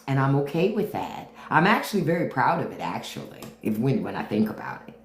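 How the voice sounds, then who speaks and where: A woman's voice: lowish voice, reverberant. A woman hosting a casual livestream, talking bluntly and profanely and answering viewer comments. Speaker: livestream host.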